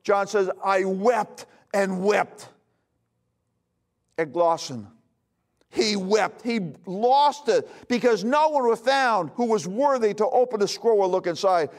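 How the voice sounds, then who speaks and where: A man preaching a sermon as a pastor, emphatic, swinging between loud calls and low hushed lines. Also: expressive, measured pace.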